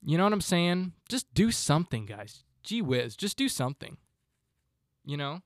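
A man's voice: fairly high pitch, big pitch swings, moderate pace, dry recording, clean studio sound. A man in his twenties hosting a solo podcast, talking in a fired-up, motivational ranting way. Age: 20s. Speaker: podcast host.

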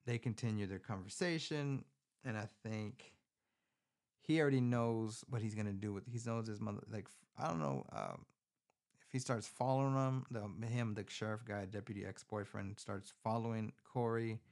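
A man hosting a podcast, recapping a film in a casual, profane, rambling way with animated storytelling, recorded on a phone. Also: on the low side, moderate pace. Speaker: podcast host.

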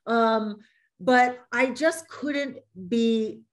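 A middle-aged woman speaking as a panel guest, telling personal stories in a lively way with many fillers. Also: fairly high pitch, very slow. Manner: animated storytelling, many fillers. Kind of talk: casual panel discussion.

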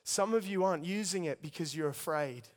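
Young male preacher, storytelling testimony, smooth and resonant, big reverberant hall. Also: a little high, a little fast. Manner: storytelling, earnest, addresses listeners as guys. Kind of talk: sermon testimony.

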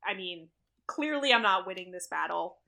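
Bright-voiced opinionated woman host. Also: lowish voice, moderate pace, vocal fry. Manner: animated, opinionated, laughs often. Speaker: podcast host running a movie bracket. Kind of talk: casual chat.

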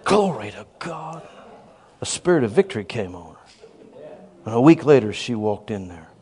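A man preaching a sermon, telling a story and bursting into shouts of praise. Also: lowish voice, big pitch swings, fairly quick.

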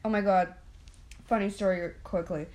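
A woman's voice: medium pitch, steady tone, moderate pace, a little mellow, a little hiss or hum. Chatty young woman telling a story. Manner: chatty storyteller, heavy use of "like", laughs often. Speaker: podcast co-host. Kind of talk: casual chat.

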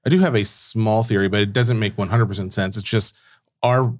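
A man's voice: on the low side, fairly even intonation, brisk. A man co-hosting a podcast in casual chat, easygoing, reading listener questions and laughing often. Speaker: podcast co-host reading mailbag.

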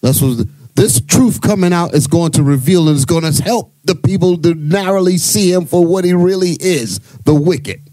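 A man's voice: sits high, animated, normal speed, few pauses, warm tone, dry recording. A man leading a bible study, stopping readers and quizzing the group. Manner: quizzing, commanding. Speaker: church leader.

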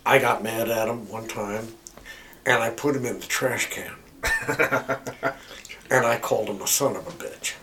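An older man, a guest on a podcast, telling stories from his childhood in a relaxed, chuckling way. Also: mid-range voice, a little slow, long pauses, recorded from a distance, a little hiss or hum. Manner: chuckling, rambling storyteller. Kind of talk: casual storytelling.

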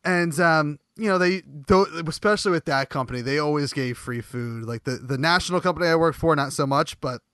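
Bright-voiced chatty man, close dry mic. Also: a little high, brisk, hardly any pauses, smooth, dry recording. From Bucks County, Pennsylvania. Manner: rambling, laughs often, many restarts. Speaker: podcast host. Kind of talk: casual chat.

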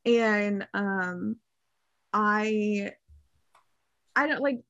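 A woman's voice: medium pitch, drawn-out words, fairly bright tone, no room sound. A woman co-hosting a podcast in casual chat, talking effusively and filling her sentences with "like". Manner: effusive, heavy use of "like". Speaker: podcast co-host. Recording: dull lo-fi dry sound.

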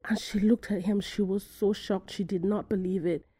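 Animated woman podcast host from Africa. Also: mid-range voice, moderate pace, breathy edge, no echo. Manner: animated storytelling, acts out quoted voices. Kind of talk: solo podcast monologue.

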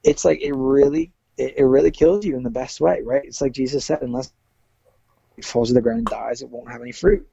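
A man's voice: mid-range voice, expressive, a little fast, vocal fry, mellow, slightly rough, no room sound, dull audio. A man who is a worship leader, speaking earnestly in a casual interview, with many fillers and restarts.

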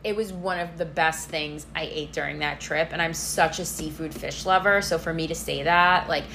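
A woman with a low voice for her sex co-hosts a podcast in lively, chatty talk. She gets excited easily and leans heavily on "like" between phrases. A faint hiss runs under the recording. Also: normal speed, gravelly. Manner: chatty and excitable, heavy use of "like". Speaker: podcast co-host. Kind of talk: casual chat.

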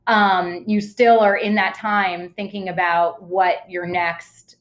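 A woman's voice: mid-range voice, level tone, slow pace, dull audio. A young woman, an actress, chatting casually as an interview guest, talking in a loose way with fillers and frequent laughs. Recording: roomy echo.

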